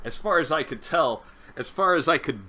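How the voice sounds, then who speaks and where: A man's voice: a little high, expressive, moderate pace, sharp tone. A man co-hosting a casual song review, hesitant with many fillers and laughing easily. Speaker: co-host reviewing songs. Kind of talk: casual chat.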